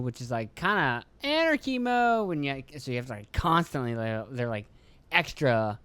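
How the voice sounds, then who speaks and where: A young podcast host from rural Pennsylvania rambles casually with a phlegmy throat, cursing, joking, and acting out himself and his kids in quick voices. His voice is medium-pitched, with no echo on the recording.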